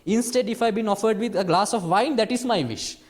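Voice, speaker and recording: This is a Sri man, a Buddhist monk, speaking in a high, light voice. He teaches a small group in a lively, playful way. His delivery swings between quiet, soft phrasing and sudden emphatic rises. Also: fairly quick. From Sri Lanka. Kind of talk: dharma talk to a small group.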